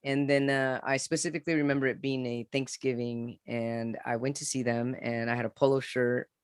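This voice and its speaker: A man's voice: mid-range voice, flat delivery, clear, resonant tone, no room sound. Earnest man telling his story, dry sound. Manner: earnest, halting, with frequent restarts and repeats. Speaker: podcast guest. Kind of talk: candid personal storytelling in an interview.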